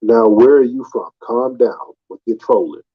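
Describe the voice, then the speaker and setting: A man's voice: mid-range voice, moderate pace, husky, narrow, tinny audio. Taunting man hosting a live call-in. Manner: mocking, taunting, repeats questions. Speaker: live audio room host. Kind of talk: combative live call-in talk.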